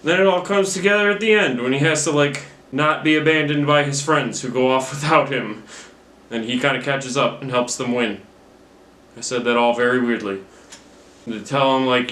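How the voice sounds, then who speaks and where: A man's voice: medium pitch, normal speed, a bit bright. Rambling, profane young man in a roomy room. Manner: rambling, profane, self-mocking. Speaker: movie reviewer. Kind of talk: casual rambling movie recap. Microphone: camera mic. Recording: roomy camera-mic recording.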